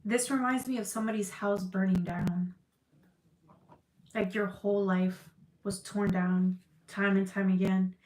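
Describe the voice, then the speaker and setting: A woman's voice: medium pitch, steady tone, unhurried, darkish tone, roomy sound, a little hiss or hum, rough recording. A woman giving a tarot reading to her viewers, emotional and tearful, swearing freely and calling them y'all. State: crying. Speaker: tarot reader.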